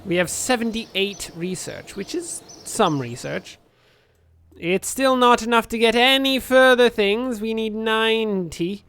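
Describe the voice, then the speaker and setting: A man's voice: sits high, measured pace, a bit bright. A man commentating on his own gameplay for a channel he hosts, joking in a dry, sarcastic way. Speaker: gaming channel host. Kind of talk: let's play game commentary.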